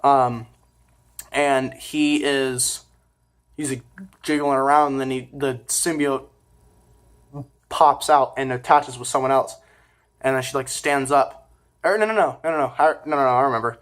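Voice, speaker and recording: A man's voice: mid-range voice, steady tone, measured pace, long pauses, fairly bright tone. A man talks through a movie review in an offhand, casual way. He rambles, stops to correct himself, and fills gaps with hesitant fillers. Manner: informal and offhand.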